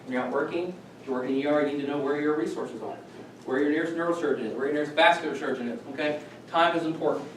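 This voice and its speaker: A man's voice: a little high, very fast. A man teaching a class, conversational and checking in with "okay" often. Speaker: lecturer. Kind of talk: classroom lecture. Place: lecture classroom. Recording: echoey room from far off, faint noise.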